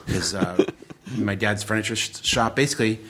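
A middle-aged filmmaker from the Detroit area, a man telling casual anecdotes with lively acted quotes. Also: on the low side, moderate pace. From Detroit area, USA. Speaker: filmmaker guest. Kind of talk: casual storytelling.

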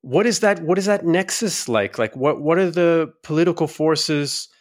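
A man's voice: a little high, normal speed. A man hosting a podcast interview, asking curious, rambling questions with restarts. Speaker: podcast host.

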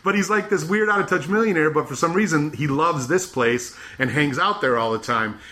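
A man hosting a podcast, chatting casually and retelling scenes with animated laughter. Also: a little high, a little fast. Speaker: podcast host. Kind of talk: casual chat.

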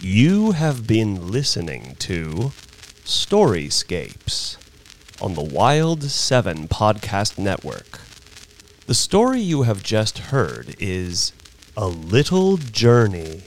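A man performing a dramatic story reading as the storyteller, expressive and unhurried. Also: lowish voice, slight background noise.

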